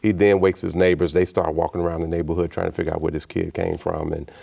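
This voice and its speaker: A man's voice: low-pitched, fast talker, vocal fry. A man in his sixties from Chicago, a guest in an interview telling a personal story with energy and acting out the other people in it. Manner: animated storyteller who acts out the voices in his story. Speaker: interview guest, state official.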